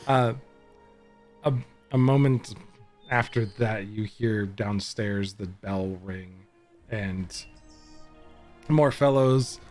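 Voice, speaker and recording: A man running a tabletop game as game master, talking in a relaxed way with many fillers. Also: lowish voice, very slow, long pauses. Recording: faint music behind.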